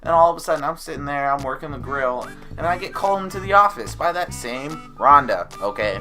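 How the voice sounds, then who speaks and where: A young man casually telling an animated story about a bad job, acting out the people he quotes. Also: fairly high pitch, brisk, soft background music. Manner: animated, acts out voices of coworkers. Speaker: vlogger.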